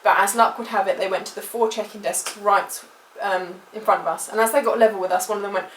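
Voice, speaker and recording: A woman's voice: medium pitch, fairly even intonation, fast, hardly any pauses, a little hiss or hum. A British woman telling a personal travel story for her vlog, emotional and rambling with many fillers. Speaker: vlogger. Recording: echoey room, mic at a distance.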